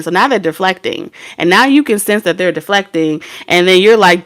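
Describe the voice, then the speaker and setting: A woman's voice: lowish voice, moderate pace. A young woman giving a casual tarot reading, blunt and swearing freely as she acts out imagined back-and-forth dialogue. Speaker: tarot reader.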